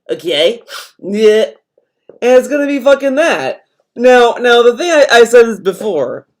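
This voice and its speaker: A young adult man streams in casual chat, ranting and rambling while swearing often. His voice sits high and has a slightly mellow quality.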